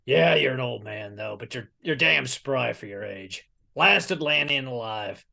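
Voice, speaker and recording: A man playing a blunt adventurer in a tabletop game, speaking gruffly and offhandedly. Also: mid-range voice, expressive, a little slow, pushed and bright, heavily acted. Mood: offhand. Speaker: player.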